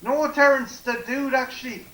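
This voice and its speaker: High-voiced Irish man, sarcastic banter. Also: normal speed, a bit bright. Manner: sarcastic, swears freely, riffing jokes. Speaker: guest. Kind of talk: casual watch-party chat. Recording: echoey room with faint noise.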